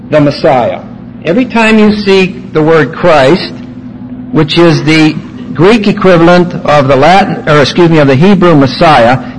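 A male Bible teacher with a fairly high voice lectures at an unhurried pace. He stresses key words emphatically and points his class back to their notes. A faint hiss sits under the recording. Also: poor audio.

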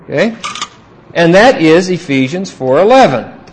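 A man's voice: fairly high pitch, very animated, a little hiss or hum, poor audio. Man teaching a Bible class. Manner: asks the class questions and repeats key points slowly.

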